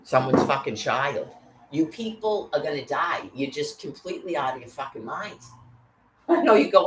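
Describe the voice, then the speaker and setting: A woman's voice: low-pitched, expressive, normal speed, background noise. A woman delivering an angry, profane rant, cursing constantly and hurling threats.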